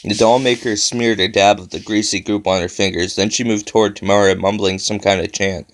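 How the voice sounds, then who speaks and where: A man narrating a children's horror story with steady storytelling. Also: lowish voice, a little fast, slight background noise. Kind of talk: reading a horror story aloud.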